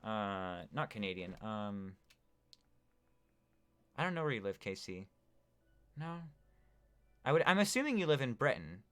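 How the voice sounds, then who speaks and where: Crisp-voiced casual male streamer. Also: fairly low pitch, sing-song, a little slow, pauses often, a bit bright. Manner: rambling, talks to chat with many fillers. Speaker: gaming streamer. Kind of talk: casual live-stream chat.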